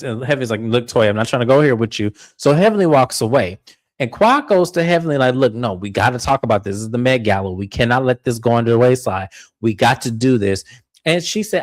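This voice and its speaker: Animated man recapping with dry close sound. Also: no room sound. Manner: animated, acts out quotes with big pitch jumps; frank, swears freely. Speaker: show recap host. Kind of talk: casual reality TV recap.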